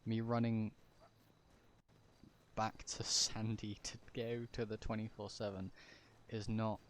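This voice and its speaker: A man's voice: lowish voice, flat delivery, slow, a little hiss or hum. A man casually commenting while streaming a game, chatty and joking as he talks to his chat.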